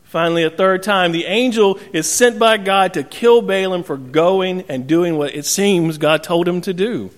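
High-voiced preacher in an echoey hall. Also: male voice. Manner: lively storytelling, acts out voices, slows to earnest appeals. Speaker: pastor. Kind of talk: sermon.

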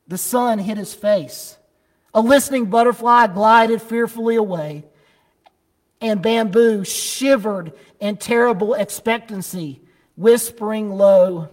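A preacher with a high voice delivers his sermon slowly, leaning hard on his key words. He tells his story in the same deliberate way. A long church reverb carries his voice around the room. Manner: slow, deliberate and emphatic.

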